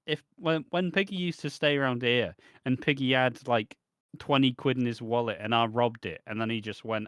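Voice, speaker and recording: British man, podcast co-host, middle pitch, dry close sound, sweary ranter who mocks people in voices. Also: normal speed, dry recording. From Britain. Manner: sweary, animated ranting with mocking voices. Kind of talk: casual ranting chat.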